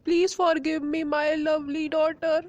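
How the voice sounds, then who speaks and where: Remorseful sick mother voiced by a woman, high, plaintive, dry sound. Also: level tone, moderate pace, no room sound, dull audio, lightly acted. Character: remorseful sick mother, sharp with her spoiled daughter.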